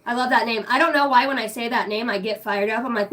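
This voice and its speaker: A young woman running a casual livestream chat, excitable and swearing freely, dropping low and hushed when she prays. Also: fast talker, few pauses. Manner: excitable, swearing, bursts of loud laughter. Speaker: spiritual reader streaming live.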